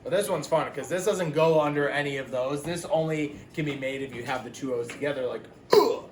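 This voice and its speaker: Guy teaching kids phonics, kinda high voice, echoey room w/ noise, says every word twice. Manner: patient, explains words slowly and repeats them. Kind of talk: phonics lesson for young children.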